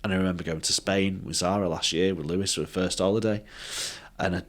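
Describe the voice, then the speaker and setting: A man telling a personal story as a podcast guest, halting and full of fillers and restarts. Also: low-pitched, fairly even intonation, a bit bright. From England.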